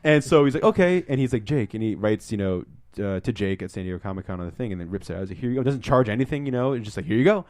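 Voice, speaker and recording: A young man chats on a podcast, talking fast and getting excited as he tells his stories. He swears freely and acts out what people said to him. His voice sits a little low. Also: dry recording, clean studio sound. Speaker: podcast co-host. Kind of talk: casual storytelling chat.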